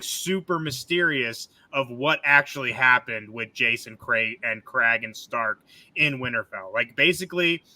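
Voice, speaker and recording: A man's voice: medium pitch, sharp tone, no echo, rough recording. A man hosting a casual podcast chat, rambling and frank, filling his talk with "like" and swearing freely. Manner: rambling, heavy use of "like", frank and profane. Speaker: podcast host.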